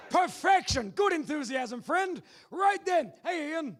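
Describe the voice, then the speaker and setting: An Australian man hosting a live comedy game show on stage, loud and playful, bantering with the crowd. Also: extremely high pitch, lively intonation, slow, hardly any pauses. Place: live convention stage with audience.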